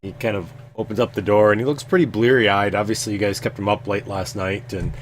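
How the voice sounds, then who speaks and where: A man's voice: on the low side, steady tone, brisk, slight background noise. A man narrating a tabletop game as game master, in a loose, casual way with many fillers.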